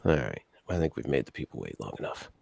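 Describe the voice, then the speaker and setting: A man's voice: rumbling low, sing-song, quick pace, creaky, darkish tone. A man hosting a podcast in casual banter, teasing his co-host and laughing often.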